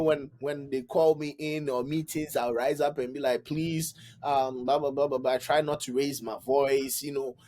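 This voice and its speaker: A man co-hosting a podcast in casual chat, telling stories and acting out the voices of the people in them. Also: mid-range voice. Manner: animated storyteller, acts out quoted voices. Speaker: podcast co-host.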